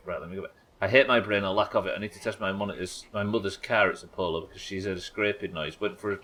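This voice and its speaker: A man's voice: fairly low pitch, pushed and bright. A man from the UK streaming a video game live, rambling, swearing and chatting with his viewers as he plays. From United Kingdom.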